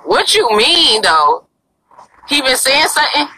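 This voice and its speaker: A woman's voice: high-pitched, very animated, unhurried, sharp tone, a little hiss or hum, low-quality recording. A young woman livestreaming outdoors in a parking lot on her phone, talking in a brash, crude and pleading way. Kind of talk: casual live-stream chat.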